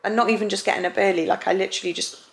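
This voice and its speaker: A woman's voice: mid-range voice, fairly even intonation, racing, gravelly. A young pregnant woman chatting casually at home for a vlog, talkative and emotional, often giggling. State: heavily pregnant. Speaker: vlogger.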